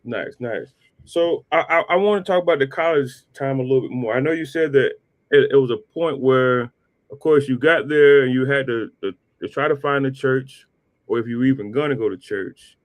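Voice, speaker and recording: A man's voice: medium pitch, normal speed. A man hosting a podcast, asking a guest about his past in an easygoing way. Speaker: podcast host. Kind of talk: interview questions.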